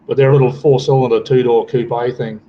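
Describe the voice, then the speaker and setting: A man's voice: mid-range voice, fairly even intonation, fairly quick. An older Australian man chatting as a guest, full of joking, blokey banter. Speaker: guest on a livestream. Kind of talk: casual chat. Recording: dull lo-fi with faint noise.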